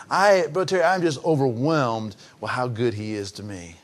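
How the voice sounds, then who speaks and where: An older man preaching a sermon, who moves between raised, emphatic passages and soft, hushed, confiding ones, often repeating and restarting his phrases. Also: medium pitch, moderate pace. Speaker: pastor.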